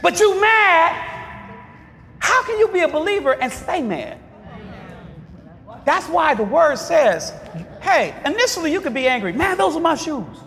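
A man preaching a sermon, asking the congregation to finish his lines and breaking into shouts. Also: very high voice, big pitch swings, a little slow, pauses often. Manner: call-and-response questions, bursts of shouting. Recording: long reverb of a large hall.

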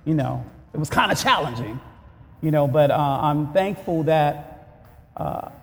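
A man preaching as a pastor, moving from relaxed conversational talk to loud shouted call-and-response preaching with rhetorical questions. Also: a little high, measured pace, in a large hall. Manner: asks rhetorical questions to the congregation. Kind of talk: sermon.

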